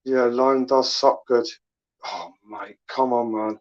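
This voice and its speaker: A man's voice: mid-range voice, little pitch movement, measured pace, a little mellow, no echo. Crude laddish man, lo-fi stream. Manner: crude, laddish banter with viewers. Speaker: livestream host reading chat. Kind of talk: late-night live chat.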